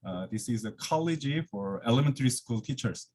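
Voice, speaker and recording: Man, academic lecture, halting speech, slightly out of breath, mid-pitched voice, office video call. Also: animated, darkish tone, breathy edge. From Korea. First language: Korean. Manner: halting, with many fillers and restarts. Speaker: guest lecturer. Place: his office.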